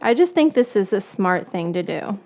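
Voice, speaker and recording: A woman's voice: medium pitch, big pitch swings, normal speed, gravelly, a little mellow. A woman hosting a casual cooking livestream, chatting playfully while she whisks and stirs, often joking at her own expense. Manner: playful, chatty, self-mocking. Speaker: cooking show host. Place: home kitchen.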